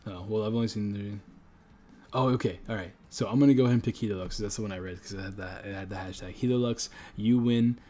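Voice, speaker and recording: A man's voice: on the low side, fast, warm tone, soft background music. A young man hosting a livestream, chatting casually with viewers and hyping them up with repeated chants and slang while opening card packs. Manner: hype-building, slangy, repeats chants, talks to chat. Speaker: livestream host.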